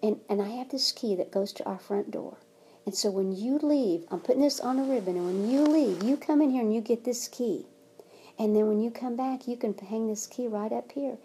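A woman's voice: on the high side, moderate pace, warm tone, slightly rough. A woman giving child care advice in an interview, earnest and emphatic, acting out little examples as she goes. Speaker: guest, child care trainer.

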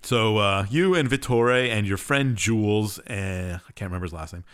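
A man's voice: fairly low pitch, normal speed, clear, resonant tone. A man casually recapping a game's story on a podcast, rambling with profane, dismissive asides. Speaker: podcast host.

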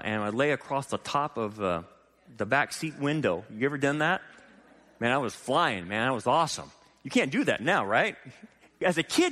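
A man preaching a sermon as pastor, animated and full of rhetorical questions to his congregation. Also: mid-range voice. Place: church sanctuary. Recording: long hall reverb.

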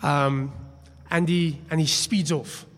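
A man's voice: a little high, steady tone, slow, a bit bright. A man preaching a sermon, telling a story in a chatty, self-deprecating way. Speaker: pastor. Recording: long hall reverb.

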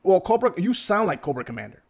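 A man's voice: high voice, very animated, fast, gravelly. A man co-hosting a podcast, riffing and teasing his partner in casual chat. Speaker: podcast co-host.

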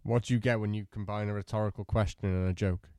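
A man co-hosting a podcast, reading out corny jokes deadpan and laughing at his own punchlines. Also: on the low side, quick pace, dry recording. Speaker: podcast co-host.

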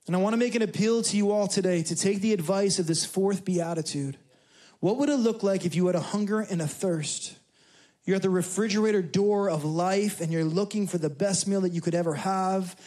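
A man preaching a sermon as a church pastor, telling stories with animated, rising delivery. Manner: animated storyteller, rising high when excited.

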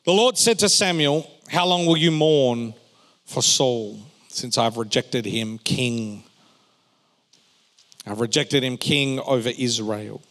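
A male pastor preaching a sermon, swinging between emphatic raised phrases and quiet, joking asides to the congregation. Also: medium pitch, slow. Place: church hall. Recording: long reverb of a large hall.

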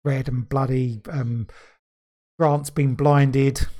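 A man's voice: mid-range voice, level tone, takes it slowly, dark tone. A man, co-hosting a casual podcast, reading history notes aloud with joking, sweary asides. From London. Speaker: podcast co-host.

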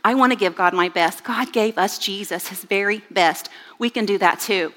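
A woman in her forties giving a sermon with personal stories, chatty and animated, with rising exclamations. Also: mid-range voice, a little fast, hardly any pauses. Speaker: church speaker. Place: church sanctuary. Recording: reverberant church hall.

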